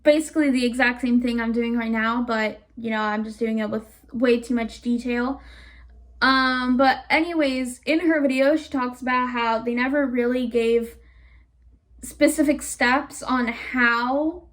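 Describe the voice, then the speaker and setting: A woman recapping a cartoon series in a casual, animated way, with sarcastic asides and rambling tangents. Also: on the high side, a little slow. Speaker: YouTube reviewer.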